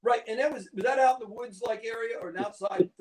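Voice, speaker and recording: A man hosting a relaxed interview, his voice pitched well above the usual for a man. He jumps in eagerly and agrees often, keeping the chat easy. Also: fast, a loud crowd, low-quality recording. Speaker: interview host. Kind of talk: casual chat.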